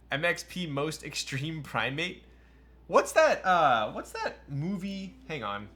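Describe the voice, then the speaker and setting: A man's voice: on the high side, sing-song, slow pace, pushed and bright. A man streaming live while building a keyboard. He chats casually, jokes and answers his chat, laughing often. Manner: chatty and joking, replies to chat, laughs often.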